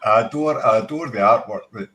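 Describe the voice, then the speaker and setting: A man's voice: fairly low pitch, a little fast, fairly bright tone. A man guesting on a casual livestream chat show, talking in a flowery, theatrical way.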